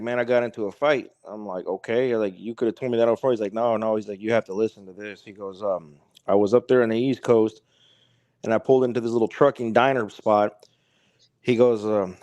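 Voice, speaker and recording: A male podcast guest with a medium-pitched, slightly mellow voice, recorded without room sound and with the highs cut off, tells a long, rambling story. He strings it together with "he's like" and "he goes."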